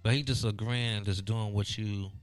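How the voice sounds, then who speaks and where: Very deep-voiced man co-host. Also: fairly even intonation, normal speed, faint music behind. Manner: questioning, playful, pushes back. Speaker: radio co-host. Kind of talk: casual radio chat.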